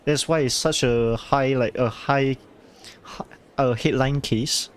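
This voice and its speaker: A man streaming a game who gives excitable, casual commentary, swearing and trailing off. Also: medium pitch, slow pace, a little hiss or hum.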